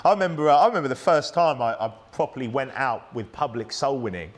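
A fast-talking British man preaches a sermon in church, his mid-range voice expressive as he chats along with restarts and tag questions. The sound comes through a plugged-in microphone.

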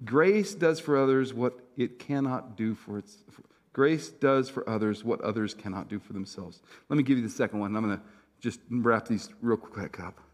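Speaking at a medium pitch, this middle-aged senior pastor delivers his sermon in a conversational way, with asides aimed at the congregation. Some lines come out loud and punchy, others slow, quiet and hushed.

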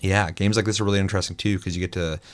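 A man with a low voice tells gaming stories in casual chat. He is animated and swears freely. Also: rapid-fire. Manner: animated storytelling, heavy swearing.

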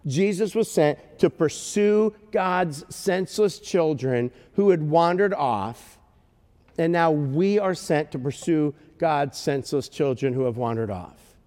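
A male pastor preaching a sermon, telling stories with emotion and breaking into shouts at times. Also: on the high side, measured pace. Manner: storytelling, emotional, with shouted bursts. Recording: long hall reverb.

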